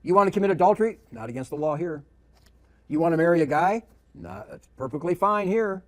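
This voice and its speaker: A man with a slightly high-pitched voice preaches in an emphatic lecture style. He throws out rhetorical questions and hammers home points by repeating them. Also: lively intonation, fairly quick. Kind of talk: preaching lecture with read-aloud quotations.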